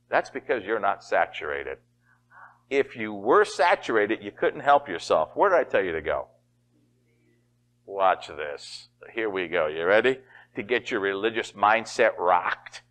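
A middle-aged man preaching a sermon as pastor, telling stories with laughter and lively emphasis. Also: fairly low pitch, measured pace. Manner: animated, laughing storyteller.

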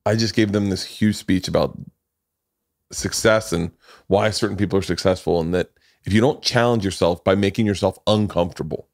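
Low-voiced and a bit quick, this podcast host in his forties spins rambling, profane tales and laughs at his own humor in a relaxed storytelling chat. There's no room sound, just clean studio audio.

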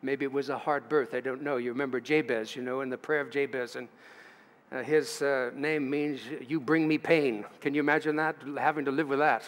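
A man's voice: medium pitch, little pitch movement, fairly quick. A man preaching a sermon as pastor, in a chatty way with asides to the congregation. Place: church sanctuary. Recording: church livestream with long hall reverb.

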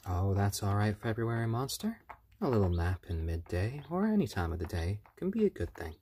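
A man chatting on a live stream in a calm, soothing way, often talking gently to baby chicks. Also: on the low side, moderate pace, a little hiss or hum. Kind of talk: casual live-stream chat. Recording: chirping baby chicks behind.

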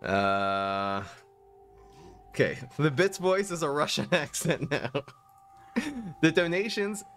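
A man commentating his live-streamed card game, excitable and laughing often as he talks to his chat. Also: fairly high pitch, slow pace, pauses often, a little hiss or hum.

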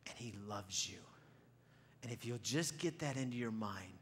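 A man preaching a sermon to a congregation, animated, swinging from loud exclaiming to quiet near-whispers, often repeating words as he starts a phrase. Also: mid-range voice, moderate pace, a little hiss or hum. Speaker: pastor. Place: church hall before a congregation.

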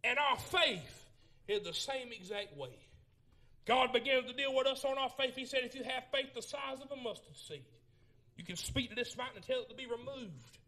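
A man preaching a Pentecostal sermon in a church, swinging from shouted lines to low murmurs as he tells the story. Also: moderate pace. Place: church sanctuary.

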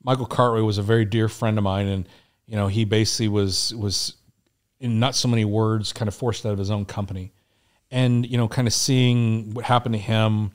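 A middle-aged man, a podcast guest, candidly telling a story with frank, profane, animated retelling. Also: on the low side, brisk. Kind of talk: casual storytelling.

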